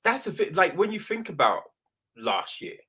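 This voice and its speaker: A man's voice: a little high, wildly swooping pitch, normal speed, bright, forceful tone. A man hosting a podcast interview, laughing, swearing casually and acting out voices in his stories. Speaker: podcast host.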